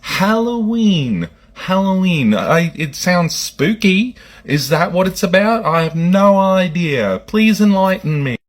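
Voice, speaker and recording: An Australian man putting on a loud, slow, exaggerated voice as a clueless Australian caricature. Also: fairly low pitch, lively intonation, husky. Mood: mock-baffled.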